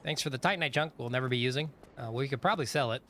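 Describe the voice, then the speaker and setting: Brief: male streamer, mid-pitched voice, rambling chatty commentary, game noise clearly behind. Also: rapid-fire, bright, forceful tone. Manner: rambling, chatty, lots of fillers. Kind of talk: casual live-stream commentary.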